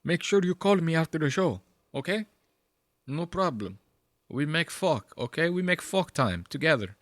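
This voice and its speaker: A brash, crude male comedian hitting on a woman in clumsy broken English, as a man puts him on. The voice is pushed up high and bright, with a sharp edge. It sounds dry and close. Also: expressive, normal speed, no echo. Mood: brash flirting.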